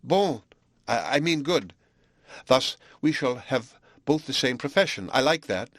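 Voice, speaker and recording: A man voicing a shy, earnest young Belgian woman, speaking softly and hesitantly. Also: medium pitch, lively intonation, unhurried, dry recording, pitched above the performer's own voice. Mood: bright, eager. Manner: soft, quiet and hesitant.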